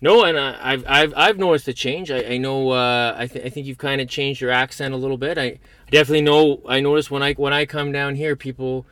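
Canadian man, guest in a relaxed chat, bright forceful tone, lots of false starts. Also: medium pitch, a little fast, clear, resonant tone, dry recording. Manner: stammering restarts, easygoing. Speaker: guest, host's brother. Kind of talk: casual conversation.

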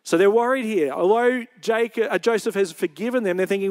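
High-voiced male pastor preaching. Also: a little fast, darkish tone. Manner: conversational storytelling, retelling scripture in his own words. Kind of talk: sermon. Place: church service.

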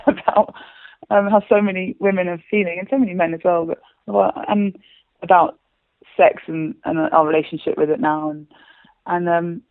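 A woman playwright and performer being interviewed, talking in a rambling, animated way with frequent restarts and laughter. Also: fairly low pitch, normal speed, no echo. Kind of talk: casual interview chat. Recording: tinny phone line, dry.

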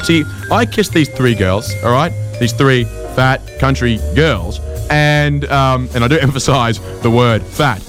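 A man, hosting a comedy show and telling rambling stories in a dry, deadpan way. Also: medium pitch, measured pace, hardly any pauses, over music. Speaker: podcast host. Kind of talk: comedic storytelling and chat.

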